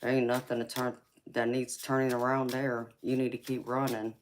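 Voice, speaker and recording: A woman's voice: very deep voice, little pitch movement, a little hiss or hum. A woman with a Southern accent hosting a live tarot reading stream, chatting casually with viewers and calling them baby. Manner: slow, drawling, calls viewers baby.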